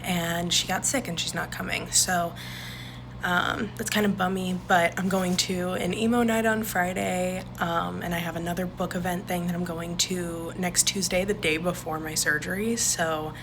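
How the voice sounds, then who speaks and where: A woman's voice: on the low side, little pitch movement, moderate pace, background noise. A woman talking casually in a video diary, chatty and full of fillers. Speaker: vlogger; school staff.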